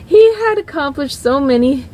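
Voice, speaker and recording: A woman singer telling a personal story in a casual, animated and expressive monologue. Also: high voice, moderate pace, a little hiss or hum.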